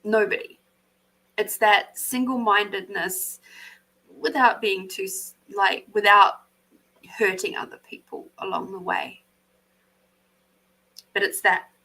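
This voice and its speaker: Aussie lady doing a tarot reading, bright voice, slow easy pace, swears a lot. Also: mid-range voice, rough recording. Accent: Australian. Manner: animated, swears freely, laughs often. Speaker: intuitive card reader, podcast host. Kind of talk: live tarot card reading.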